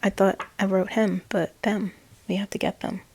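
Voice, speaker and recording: A woman tarot reader relaying channeled messages, slow and hesitant, with frequent ums and self-corrections. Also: medium pitch, flat delivery, background noise.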